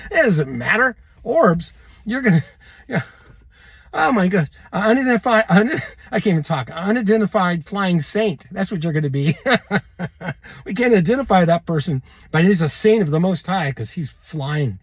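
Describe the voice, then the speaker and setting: A man's voice: high voice, expressive, unhurried, long pauses, husky, no room sound. A man hosting a prophecy video, preaching to camera with exuberance, calling out to viewers and laughing often. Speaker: end-times prophecy video host.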